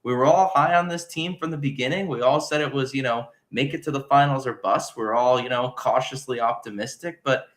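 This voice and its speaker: A man speaking as a guest on a live fan show, halting and full of fillers. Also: medium pitch, a bit bright. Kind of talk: casual live show talk.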